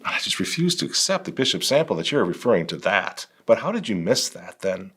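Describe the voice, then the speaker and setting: A man's voice: fairly low pitch, big pitch swings, a little fast, a bit bright, breathy edge. A male commentary host speaking indignantly, firing rhetorical questions straight at a bishop. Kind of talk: impassioned commentary.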